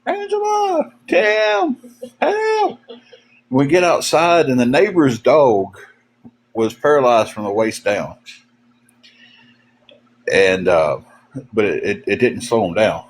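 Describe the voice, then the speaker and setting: A man's voice: fairly low pitch, slow pace, pauses often, low-quality recording. A man, chatting casually to a livestream audience. He rambles in a folksy way, trailing off into fillers and restarting his sentences as he tells stories. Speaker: livestream host. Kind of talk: casual storytelling to live chat.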